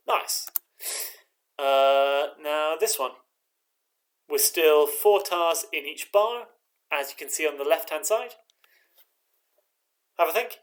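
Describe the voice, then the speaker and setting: A man's voice: on the high side, expressive, slow, pauses often, background noise. A man leading an online choir rehearsal from his living room, chanting rhythm syllables, counting in and encouraging the singers. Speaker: choir director.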